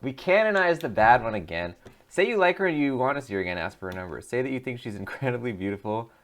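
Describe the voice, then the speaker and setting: A man's voice: mid-range voice, sing-song, fast talker, heavy background noise. A man giving chatty, musing commentary over a game as a streamer, often laughing. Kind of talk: gameplay commentary.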